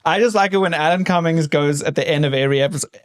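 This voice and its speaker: A man's voice: a little high, very fast, clear, resonant tone. A man co-hosting a podcast, chatting casually and telling playful, rambling stories. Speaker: podcast co-host. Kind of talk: casual chat.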